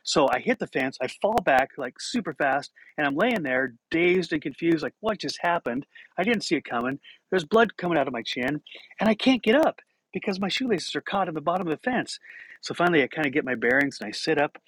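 A man's voice: on the high side, lively intonation, a little fast, a bit bright, husky, dry recording, rough recording. A man hosting a podcast, telling a personal story in a casual, self-deprecating way with chuckles. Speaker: podcast host.

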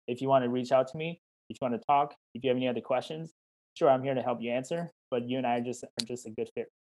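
Brief Male life coach, mid-pitched, friendly and encouraging, chatty, heard over a video call. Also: fast talker. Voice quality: warm, encouraging, talks in questions and quoted dialogue. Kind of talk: interview answers, casual chat.

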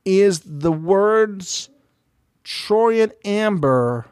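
A man's voice: sits high, drawn-out words, clean tone, dry recording, studio quality. A man co-hosting a podcast, recapping a reality show in casual chat, swearing and acting out what people said. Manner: animated, swearing, acts out quotes. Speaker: podcast co-host.

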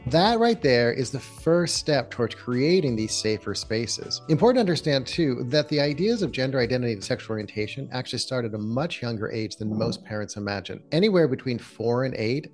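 A man, a therapist, calmly explaining parenting advice as a guest in an interview, posing reflective questions. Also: medium pitch. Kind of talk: conversational advice in a podcast interview.

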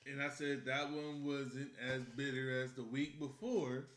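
A man's voice: mid-range voice, fairly even intonation, unhurried, fairly bright tone. A man co-hosting a casual chat, joking and playful, swearing freely. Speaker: podcast co-host. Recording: echoey room with faint noise.

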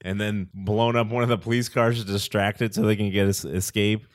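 A man co-hosting a casual movie chat, animated and quick to laugh and ask questions. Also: fairly low pitch, dry recording, clean studio sound. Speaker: podcast co-host.

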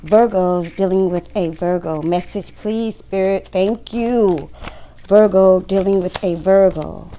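A woman's voice: mid-range voice, slow, dark tone, a little hiss or hum, rough recording. A woman doing a casual tarot reading, talking bluntly to her viewers and swearing freely. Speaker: tarot reader.

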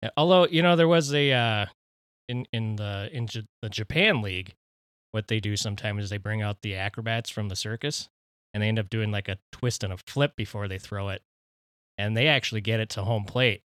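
Male podcast co-host from Minnesota, low and laid-back, wry, dry close-mic sound. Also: fairly quick, a bit bright, clear, resonant tone, dry recording. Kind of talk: casual podcast banter.

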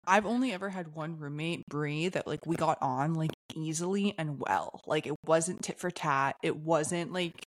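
A woman's voice: low-pitched, moderate pace, few pauses, dry recording. A young woman co-hosting a podcast in a casual, chatty way, agreeing readily and trailing off mid-thought. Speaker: podcast co-host. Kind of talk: casual chat.

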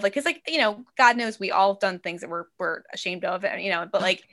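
Woman, podcast co-host, bright tone, animated, swears, acts out quotes. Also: brisk, hardly any pauses. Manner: animated, acts out quotes with big pitch jumps; swears freely. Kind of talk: casual chat.

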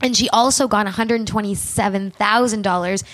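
A woman casually telling a true crime story for laughs, animated and acting out the people in it. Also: medium pitch, normal speed. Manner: animated, acts out quoted people with swearing and asides.

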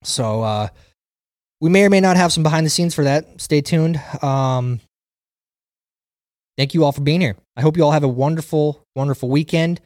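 A man's voice: fairly high pitch, moderate pace, pauses often, a little mellow, no room sound. A young man hosts a laid-back podcast, telling funny stories and breaking into laughter often. He swears casually. His voice sounds dry and close to the mic. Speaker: podcast host. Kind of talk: casual podcast chat and storytelling.

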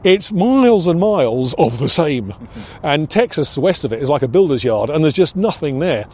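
A man's voice: on the high side, big pitch swings, moderate pace, a little mellow. Older British man recalling flying days. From United Kingdom. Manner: reflective, many restarts and hesitations. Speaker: interviewee, former RAF pilot instructor. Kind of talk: oral history interview.

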